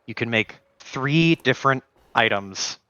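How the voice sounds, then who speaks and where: A man's voice: medium pitch, animated, unhurried, pushed and bright, no echo, highs cut off. A man playing a tabletop game, brainstorming plans and thinking aloud in casual chat.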